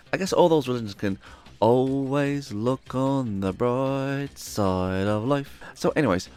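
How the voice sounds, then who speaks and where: Young male host, quick and animated delivery, faint music bed underneath. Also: medium pitch. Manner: chatty and enthusiastic, often retelling jokes with put-on voices. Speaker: video host reviewing comedy shows. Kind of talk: casual spoken review.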